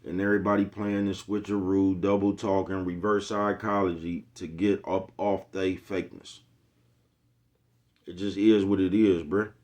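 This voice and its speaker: Man with a lowish voice, rambling street-slang vlog rant, keeps checking in with the listener. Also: little pitch movement, moderate pace, a little mellow. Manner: rambling, profane, keeps asking "you know what I'm talking about"; streetwise slang, repeats himself. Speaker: vlogger. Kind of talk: unscripted rant to camera.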